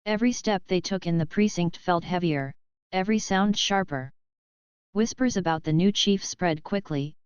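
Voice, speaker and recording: A woman reading a dramatic story aloud in a steady, even narrating voice. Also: fairly low pitch, smooth, no room sound. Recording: dry, slightly dull lo-fi.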